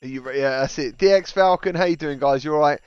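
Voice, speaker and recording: Male stream host, smooth clear voice, slightly muffled mic. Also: on the high side, fast, dry recording. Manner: reads out chat messages, upbeat greetings. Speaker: livestream host. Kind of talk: casual livestream chat.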